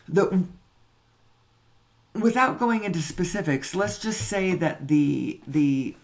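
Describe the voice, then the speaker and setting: A man giving a rambling spoken monologue on spiritual and social questions, often repeating himself, asking rhetorical questions and cursing casually. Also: fairly high pitch. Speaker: spiritual talk host.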